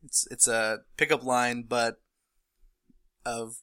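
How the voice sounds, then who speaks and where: A man from North Carolina chatting casually as a podcast co-host, rambling and animated, with laughing outbursts. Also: mid-range voice, takes it slowly, clear, resonant tone. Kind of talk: casual chat.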